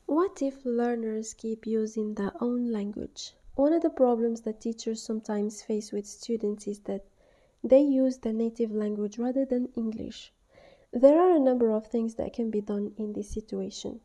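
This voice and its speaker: Woman teaching, dark mellow voice. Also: a little high. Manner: clear, deliberate, exaggerates classroom model phrases. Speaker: English teacher trainer. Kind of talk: instructional voice-over.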